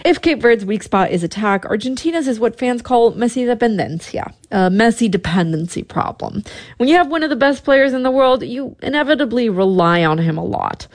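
A woman reporter with a fairly high voice files a radio news report. She keeps a brisk reporter's cadence. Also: animated.

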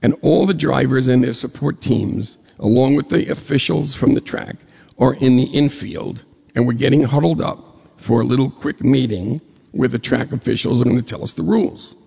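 A man from New York State telling a personal story to an audience in a lively way, acting out the dialogue as he goes. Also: mid-range voice, moderate pace, gravelly, husky, long reverb tail.

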